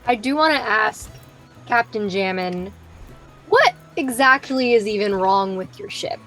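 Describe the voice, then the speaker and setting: A woman at a tabletop role-playing game, speaking in a measured, formal way. Her delivery is very slow and deliberate at a middle pitch, with faint music underneath. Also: big pitch swings, fairly bright tone, low-quality recording. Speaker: player.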